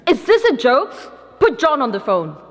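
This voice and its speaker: A woman's voice: sits high, wildly swooping pitch, measured pace, big-room sound, heavily acted. A woman playing an incredulous, swearing woman who is being dumped over the phone in a comedy sketch phone call. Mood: indignant.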